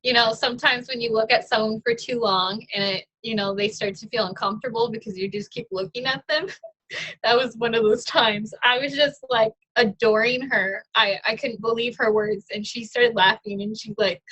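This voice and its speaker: A woman's voice: a little high, moderate pace, pushed and bright, low-quality recording. A young adult woman, a guest speaker, giving a casual, chatty personal testimony with fillers and frequent laughs.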